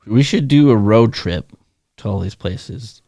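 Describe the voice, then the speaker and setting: A man's voice: lowish voice, lively intonation, a little slow, mellow, dry recording, clean studio sound. A man co-hosting a podcast in casual chat, riffing on crude puns and joking with his partner. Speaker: podcast co-host.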